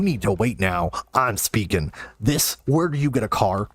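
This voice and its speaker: A man's voice: medium pitch, sing-song, moderate pace, hardly any pauses, no echo. A man streaming a game live and reading chat, flustered, self-mocking and rambling.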